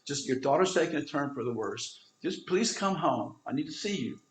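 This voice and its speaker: A worried wife pleads with her husband to come home, speaking quietly and urgently, as a man puts her on. Her voice is only slightly raised in pitch, hushed and strained. The echo of a reverberant room hangs behind her words. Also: lively intonation, moderate pace, close to an everyday voice. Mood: urgent, pleading. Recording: echoey room.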